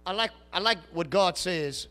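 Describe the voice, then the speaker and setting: High-voiced preacher calling and shouting. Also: male voice, moderate pace. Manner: swings from loud shouted calls to low quiet asides. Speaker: pastor. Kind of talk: call-and-response sermon. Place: church sanctuary. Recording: long hall reverb.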